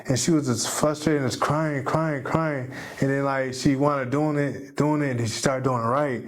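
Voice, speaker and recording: A man's voice: medium pitch, steady tone, moderate pace. A man as a podcast guest talking casually and heartfeltly about his kids, rambling and often adding "you know what I mean". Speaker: podcast guest, jiu-jitsu competitor. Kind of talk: casual conversation.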